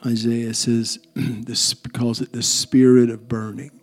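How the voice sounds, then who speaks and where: A man preaching a sermon to his congregation in a soft-spoken, reflective way. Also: mid-range voice, little pitch movement, unhurried, soft background music. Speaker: pastor.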